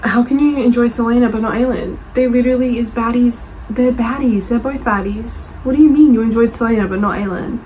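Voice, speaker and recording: A woman's voice: a little high, fairly quick, few pauses, rough recording. Young woman ranting about books, gushy and defensive, faint hiss behind. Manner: animated, gushing, defensive, laughs often. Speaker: book vlogger reading reviews. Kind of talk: casual reaction chat.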